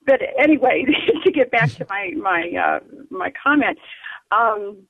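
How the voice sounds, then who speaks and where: A woman calling in to a radio show, speaking earnestly and emphatically, with many fillers and pauses. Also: a little high, expressive, breathy edge, no room sound. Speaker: caller. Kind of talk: call-in radio comment. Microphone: telephone. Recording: tinny phone line.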